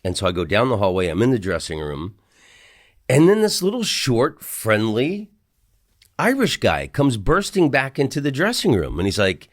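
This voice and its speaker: A man's voice: fairly low pitch, sing-song, normal speed. A middle-aged man from the United States hosting a podcast, telling rambling stories with asides and restarts from a hotel room. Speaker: podcast host. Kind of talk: casual storytelling monologue.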